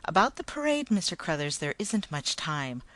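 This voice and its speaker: A woman reading a story, voicing a male Martian ant who speaks gently, politely and firmly. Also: low voice, normal speed, no room sound. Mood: calm firm. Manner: calm, polite, formal, gentle but firm.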